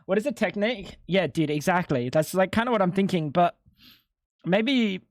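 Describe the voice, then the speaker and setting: A man's voice: high voice, expressive, moderate pace, no echo, clean studio sound. A young man streaming live, chatting casually with his viewers in a laid-back, slangy way with some swearing.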